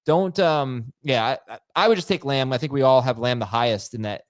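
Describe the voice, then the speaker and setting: A man's voice: mid-range voice, a little fast, no echo. A man hosting a podcast, joking with co-hosts and reading listener emails aloud. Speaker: podcast host. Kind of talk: casual chat.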